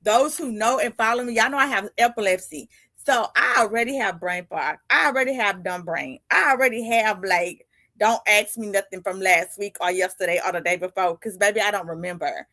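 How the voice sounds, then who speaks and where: A woman in her fifties, a podcast host and coach, leads a casual live video chat, talking animatedly, laughing often, and acting out little dialogues. Her medium-pitched voice is sharp and a little fast, with no room sound.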